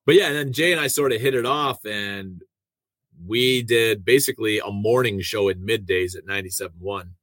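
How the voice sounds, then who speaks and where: Radio man, lowish voice, dry close mic, chatty self-deprecating storyteller. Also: normal speed, fairly bright tone, dry recording. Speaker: radio host and producer. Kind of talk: casual conversational storytelling.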